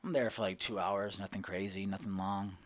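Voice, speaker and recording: A man telling a personal story in a lively way, retelling the dialogue line by line. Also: sits low, a little fast. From Southern United States. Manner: animated, retells dialogue with "I go" and "she goes".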